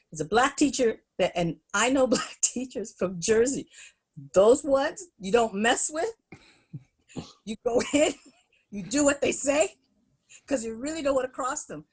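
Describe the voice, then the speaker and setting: A middle-aged woman, a podcast guest, telling school stories in an animated, laughing way. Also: on the high side, unhurried, long pauses, husky. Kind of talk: storytelling in a podcast interview.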